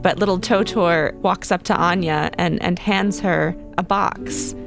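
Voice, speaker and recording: A woman's voice: lowish voice, steady tone, measured pace, gravelly, music in the background. A woman narrating a tabletop game as game master, telling the story.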